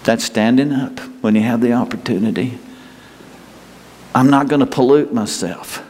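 A man preaching a sermon in a conversational way, asking his listeners questions and leaving pauses. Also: medium pitch, a little mellow. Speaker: pastor. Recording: long hall reverb.

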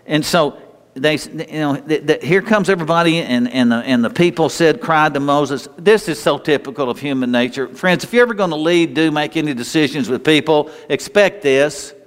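A man delivering an animated, conversational sermon, his voice sitting a touch higher than most men's. He breaks off mid-phrase, restarts, and asks the room questions as he goes. A long hall reverb trails every line. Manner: animated, conversational preaching with frequent restarts and asides. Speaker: pastor.

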